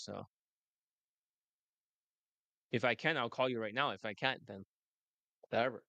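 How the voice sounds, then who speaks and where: A man's voice: medium pitch, a bit bright, dry recording. A man coaching on dating, talking brashly and laughing often in casual chat. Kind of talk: casual monologue and phone call.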